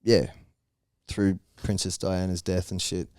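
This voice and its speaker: A man's voice: low-pitched, flat delivery, unhurried, a little mellow, clear, resonant tone, dry recording, clean studio sound. A young Australian man co-hosting a podcast, laid-back and swearing, laughing often in casual chat. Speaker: podcast co-host.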